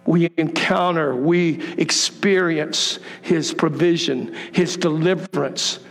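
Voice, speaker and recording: Pastor, male, high voice, fervent sermon delivery, echoing sanctuary. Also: takes it slowly, vocal fry. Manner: emphatic, impassioned preaching. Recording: long hall reverb.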